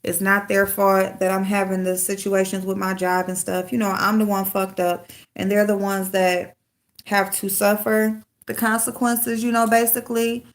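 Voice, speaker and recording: A woman's voice: medium pitch, little pitch movement, moderate pace. A middle-aged woman venting in casual livestream chat, frank and loose, swearing freely as she talks to viewers. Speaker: livestream host.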